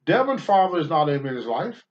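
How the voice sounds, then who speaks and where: A man's voice: a little high, sing-song, moderate pace, highs cut off. An older man hosting a talk show, answering viewer questions in a blunt, preachy monologue and swearing freely.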